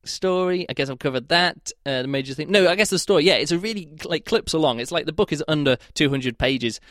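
A man's voice: on the high side, expressive, quick pace, a bit bright, dry recording, studio quality. A man giving a casual spoken book review in a rambling, hesitant way, with lots of "like" and restarted phrases.

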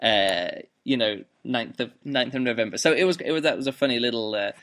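A man of middle pitch with a forceful, bright voice chats casually on a book podcast. He rambles and restarts his sentences with animated energy. He is recorded on a laptop microphone. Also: fairly quick. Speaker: podcast host.

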